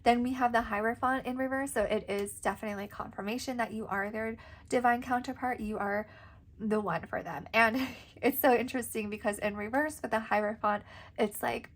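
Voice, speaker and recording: Young woman reading tarot cards, kinda high voice, chatty, giggles a lot, loads of likes and ums. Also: fairly even intonation, a little fast. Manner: chatty, giggly, filler-heavy. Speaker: tarot reader.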